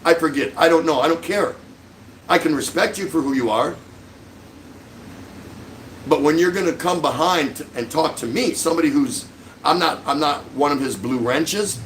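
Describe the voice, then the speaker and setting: A man's voice: on the high side, moderate pace, long pauses, a bit bright, a little hiss or hum, low-quality recording. A middle-aged man hosting a livestream, delivering an angry, sarcastic rant full of insults. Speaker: livestream host.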